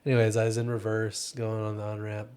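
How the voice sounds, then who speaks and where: A young man co-hosting a podcast, telling relaxed, joking anecdotes in casual chat. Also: fairly low pitch, fast, clean tone. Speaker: podcast co-host.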